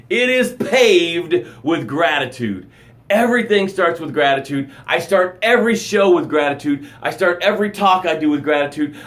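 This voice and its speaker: A middle-aged man, a life coach, giving a dramatic motivational live broadcast to his camera. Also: on the high side. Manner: dramatic, animated delivery with acted-out sounds and gasps. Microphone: camera for a live stream.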